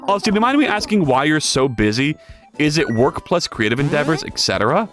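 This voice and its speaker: A lively, chatty livestreamer. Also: medium pitch, fast talker, soft background music. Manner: chatty, jokey, reads chat aloud and answers it; rambling with frequent restarts and repeated words. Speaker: streamer and game developer. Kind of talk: casual livestream chat while 3D modeling.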